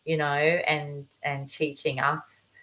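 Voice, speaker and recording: A middle-aged woman teacher, a guest telling stories in a lively conversational way, acting out quoted voices. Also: deep voice, takes it slowly, slight background noise, poor audio. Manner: animated storyteller, acts out quoted voices. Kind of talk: conversational interview.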